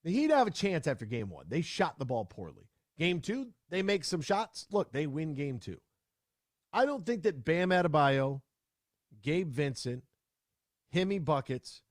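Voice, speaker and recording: A man hosting a sports talk radio show in a fired-up, ranting style. His voice sits a bit high, and he keeps restarting his sentences as he gets worked up. The sound is dry and close on a studio mic. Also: dry recording.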